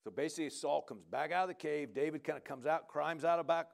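A man delivers a sermon in a lively, conversational way, pitched a little high for a man. He keeps checking in with the congregation and pressing them for agreement as he explains a passage. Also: fast, vocal fry. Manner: animated, conversational preaching with frequent "come on" and "right?". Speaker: pastor.

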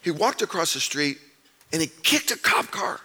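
A man preaching a sermon, telling a story with animated swings between loud outbursts and hushed drops. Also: on the high side, normal speed, husky. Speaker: pastor. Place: church stage.

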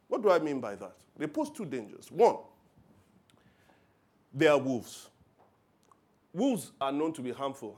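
Lively man preaching. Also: a little high. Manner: animated storytelling preacher, shifts between loud emphasis and quiet asides. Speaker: pastor. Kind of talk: sermon.

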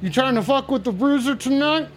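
A man's voice: extremely high pitch, a little fast. A man streaming in a persona, playing a brash, foul-mouthed male wrestler who trash-talks and repeats his insults. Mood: trash-talking. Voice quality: gruff and shouty, heavy profanity. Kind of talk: livestream persona rant.

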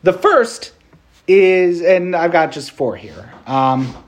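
Slowly and in a fairly high male voice, a Catholic priest talks through an informal, spirited meditation, conversational in tone and thick with fillers.

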